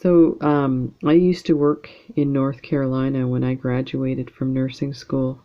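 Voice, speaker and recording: A woman's voice: rumbling low, level tone, unhurried, lo-fi sound. A woman with a casual, rambling way of talking, chatting to viewers while she works on a beading project at home. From Canada. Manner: rambling, chatty, lots of fillers. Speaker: beading channel host.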